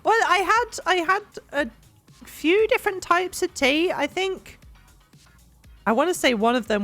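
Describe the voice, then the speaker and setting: A woman's voice: extremely high pitch, lively intonation, measured pace, a bit bright, soft background music. A young English woman streaming, chatting casually and rambling with lots of giggles while she cleans. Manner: bubbly and giggly, rambling with fillers.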